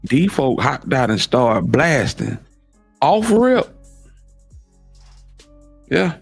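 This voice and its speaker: Slow, gravelly-voiced man commentating. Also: mid-range voice, no room sound, faint music behind. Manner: animated, slangy, incredulous. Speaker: streamer reacting to clips. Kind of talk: casual commentary.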